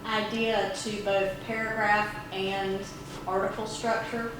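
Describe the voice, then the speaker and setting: A woman's voice: medium pitch, flat delivery, takes it slowly, noisy background. A woman in the audience asking a hesitant question. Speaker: audience member. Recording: distant voice in a very echoey room.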